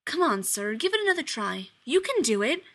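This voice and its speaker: Woman playing an eager yes-sir henchman, obedient, high bright voice. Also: big pitch swings, brisk, heavily acted. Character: eager, servile male henchman.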